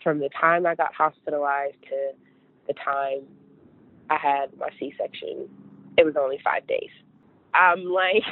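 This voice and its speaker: A woman's voice: low-pitched, steady tone, measured pace, long pauses, no echo. Brief: young woman from West Virginia, casual storyteller, chatty and earnest, dry phone-like sound. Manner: chatty, full of "like" and "you know", earnest. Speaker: guest sharing her story. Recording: tinny phone-like dry line.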